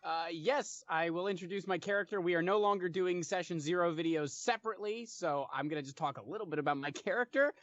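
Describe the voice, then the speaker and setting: High-voiced, halting man playing a tabletop game. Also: fairly bright tone, dry recording, highs cut off. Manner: halting, many fillers. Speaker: player. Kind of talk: tabletop role-play, casual.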